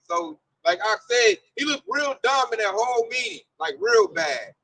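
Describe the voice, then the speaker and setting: A man's voice: very high-pitched, normal speed, few pauses, no room sound, poor audio. A man leading a casual religious discussion, telling stories animatedly and acting out what people said. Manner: animated storyteller acting out quotes.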